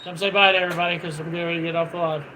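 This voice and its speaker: A man's voice: fairly high pitch, flat delivery, racing, bright, forceful tone, slight background noise, low-quality recording. A man hosting a casual late-night livestream, easygoing and matter-of-fact. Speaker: livestream host.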